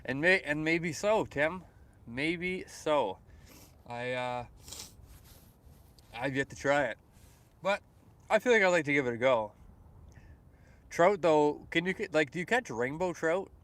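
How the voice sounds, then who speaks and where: A man's voice: a little high, unhurried, long pauses. A young Canadian man with a Canadian accent, live-streaming a fishing trip outdoors, chatting casually and answering viewers' messages with lots of fillers. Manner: reads chat messages aloud and answers them, relaxed and chatty with frequent fillers. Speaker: fishing livestreamer. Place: outdoors by the water at sunrise.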